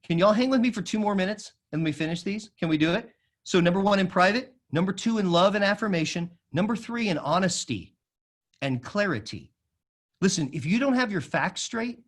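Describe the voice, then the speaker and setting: Lively male speaker, sermon-style talk. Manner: emphatic, varies loudness widely, drops to a soft low voice for quoted lines; calls on the audience to repeat phrases. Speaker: speaker at a school of music forum.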